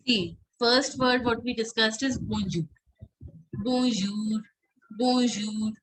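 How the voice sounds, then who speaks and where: A woman teaching an online French class, patiently repeating words slowly so students can drill them. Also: fairly high pitch, a bit bright, poor audio.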